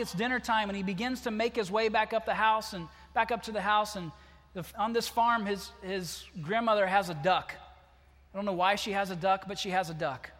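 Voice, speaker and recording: Male pastor, high voice, earnest storytelling sermon; recorded with long hall reverb. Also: fairly bright tone. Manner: earnest storytelling preaching, slows for emphasis.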